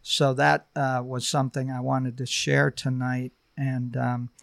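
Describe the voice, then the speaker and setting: Gravelly man telling a heartfelt story. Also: medium pitch, level tone, a bit bright, dry recording. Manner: halting, heartfelt storytelling with many fillers. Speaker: podcast guest. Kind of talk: personal testimony on a podcast.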